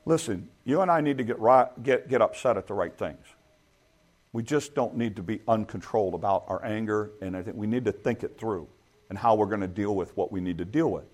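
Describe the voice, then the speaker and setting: A man's voice: fairly low pitch, brisk, darkish tone. A middle-aged man preaching a sermon in a conversational way, asking his listeners rhetorical questions. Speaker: pastor.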